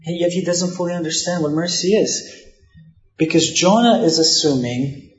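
A man preaching a sermon in a conversational way, often pausing on asides and rhetorical questions. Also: high voice, echoey room, highs cut off. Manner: conversational preaching with frequent "you know" asides. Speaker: pastor.

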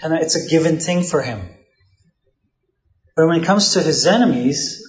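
A man's voice: fairly high pitch, animated, moderate pace, long pauses, lo-fi sound, a little hiss or hum. Conversational male pastor in a roomy space. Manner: conversational preaching with frequent "you know" asides. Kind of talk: sermon.

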